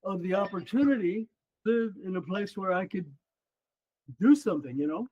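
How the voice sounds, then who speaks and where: Older man, high voice, dull lo-fi sound. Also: expressive, normal speed, husky. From Mexico. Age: 70s. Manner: earnest, heartfelt, leans on "you know". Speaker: guest, former runner and coach. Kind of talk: personal storytelling in conversation. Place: room at his home.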